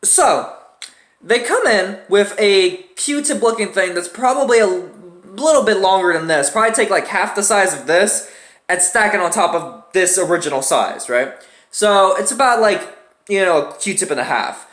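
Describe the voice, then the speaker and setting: A man's voice: high-pitched, animated, moderate pace, a bit bright, reverberant. A young man telling a story in a casual, profane way, acting out the people he quotes with laughs and grunts.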